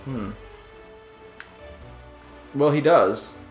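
A man's voice: medium pitch, drawn-out words. A man from New Jersey chatting casually while playing a video game, rambling and joking. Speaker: let's play co-host. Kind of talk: casual gameplay chat. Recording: echoey room with faint game music.

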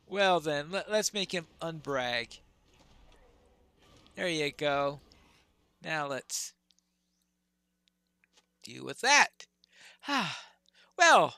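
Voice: mid-range voice, sharp tone, no echo. A game player giving chatty commentary over a fantasy game, laughing at stumbles over hard names. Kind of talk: let's play commentary.

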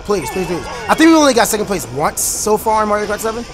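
A young man with a high, lively voice narrates his racing game in an excitable, chatty stream of commentary. He jumps between rambling asides, loud outbursts and improvised rap lines. Game music plays clearly in the background. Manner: animated, bursts into shouts and freestyle rapping, fast rambling asides. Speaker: gaming YouTuber.

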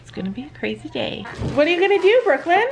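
A woman's voice: very high-pitched, big pitch swings, fast talker, vocal fry. An older woman, a grandmother, chatting casually in a family vlog from a bed in her living room, playfully coaxing her grandchildren.

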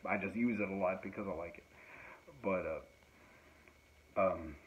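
Low-pitched man, casual rambling talker, home recording, muffled lo-fi sound with light hiss. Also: steady tone, moderate pace. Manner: rambling, joking, lots of fillers and laughs. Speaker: musician and podcast host. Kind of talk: casual chat. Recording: dull lo-fi sound with faint noise.

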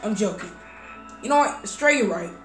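A woman voicing every character in a game role-play story, hesitant and full of fillers, breaking into excited shouts. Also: mid-range voice, normal speed. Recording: roomy recording over game music.

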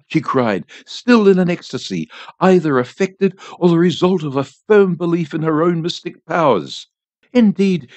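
A man reading a short story aloud in a measured, expressive way for a volunteer radio station. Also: high voice, no room sound. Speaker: volunteer reader. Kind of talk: audiobook narration. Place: home studio. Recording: dry, slightly dull home studio.

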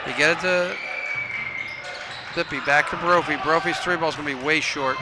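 A man calling a high school basketball game from the gym, his voice a touch higher than most. He rattles off passes and shots and drops in coaching tips. Loud gym noise and bouncing balls sit under his voice. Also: fairly even intonation. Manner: rapid play calls with coaching asides. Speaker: play-by-play commentator. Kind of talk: local sports commentary. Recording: noisy gym ambience. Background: game crowd and ball bounces.

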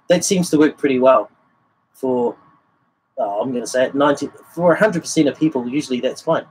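A man's voice: mid-range voice, animated, brisk, darkish tone, slight background noise, poor audio. A man giving a casual livestream guitar lesson, explaining the technique and singing rhythms as syllables. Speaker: guitar teacher. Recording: guitar playing behind the voice.

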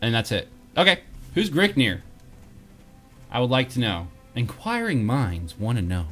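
Man, game host, playful, jokey, bright voice, lively pitch. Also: measured pace, faint music behind. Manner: playful, jokey, laughs at himself. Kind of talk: let's play commentary reading quest text.

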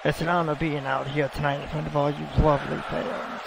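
Brash taunting female wrestler, played by a man, pitched a little high, over a roaring crowd and heavy noise. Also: little pitch movement, a little fast, vocal fry. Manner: taunting, boastful. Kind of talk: fan wrestling series role-play.

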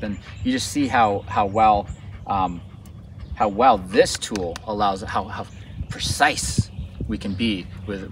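A man's voice: on the low side, gravelly. Man explaining dog training from afar. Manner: enthusiastic, loose and rambling explanation. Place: outdoor training area. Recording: distant outdoor mic with faint traffic noise.

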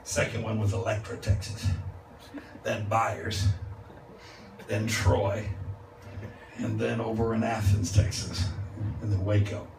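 A man preaching a revival sermon as a guest speaker, moving from calm teaching to loud, laughing exclamations. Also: on the low side, slow, vocal fry. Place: church sanctuary. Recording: echoey church, distant mic, noisy. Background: congregation responding.

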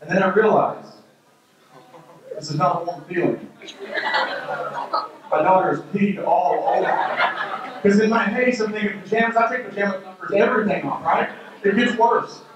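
A man in his thirties tells a comic parenting story as a keynote speaker, acting out the quotes as he goes. His voice sits fairly high and comes from some distance off the mic. The sound bounces around a big, very echoey hall. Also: normal speed, long pauses, muffled recording. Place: large hall with an audience. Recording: very echoey hall, heard from afar.

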